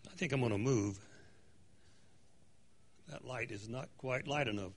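A man's voice: mid-range voice, measured pace. A man leading a conversational Bible study in a church room, reading scripture dramatically and adding joking asides.

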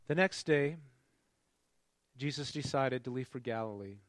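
In a dry recording, a pastor with a medium-pitched voice preaches at a slightly slow pace. His sermon is conversational and engaging, and he regularly puts questions to the congregation.

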